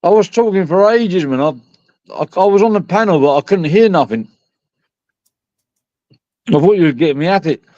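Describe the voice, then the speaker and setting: A man's voice: sits high, expressive, moderate pace, pauses often, dark tone, no room sound, highs cut off. A man rambling and swearing in casual banter on a video call. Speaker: live stream participant.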